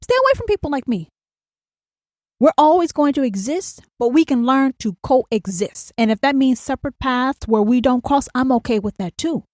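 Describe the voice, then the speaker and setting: A fairly high-pitched woman hosting a solo podcast in a dry, close recording. She speaks bluntly and profanely and keeps hammering her points with questions. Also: normal speed, hardly any pauses, darkish tone, dry recording. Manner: blunt, profane and emphatic, with repeated rhetorical questions. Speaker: podcast host.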